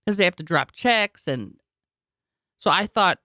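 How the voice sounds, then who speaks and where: A woman comedian co-hosting a podcast in casual chat, dropping deadpan one-liners and explaining how the job works. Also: lowish voice, unhurried, no echo, studio quality. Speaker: podcast co-host, stand-up comedian.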